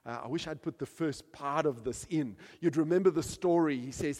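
A male preacher delivering a sermon in a church sanctuary, his voice pitched a little high for a man. He builds to loud, emphatic peaks and then drops soft. Long reverb trails each phrase through the hall. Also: moderate pace, few pauses.

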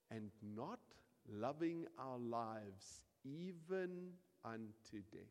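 A male preacher delivers a lively sermon, dropping to quiet asides before building to loud, emphatic peaks. His voice sits at an ordinary middle pitch. The sound rings with the long reverb of a large church hall. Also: very slow.

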